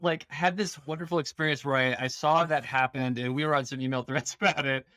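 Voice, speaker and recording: A man co-hosting a podcast in casual chat, halting and quick to laugh, with many restarts. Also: mid-range voice, fairly even intonation, pushed and bright, no echo. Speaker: podcast co-host.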